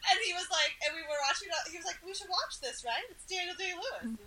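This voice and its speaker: A woman's voice: very high voice, fast, poor audio. A woman co-hosting a podcast, telling stories with enthusiasm in casual chat. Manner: enthusiastic, animated storytelling. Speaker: podcast co-host.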